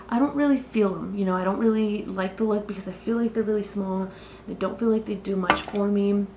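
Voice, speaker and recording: Young woman chatting while doing makeup. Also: medium pitch. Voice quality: chatty, rambling, filler-heavy. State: sick, slightly congested. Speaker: beauty vlogger. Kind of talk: casual get-ready-with-me chat. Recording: echoey room with faint noise.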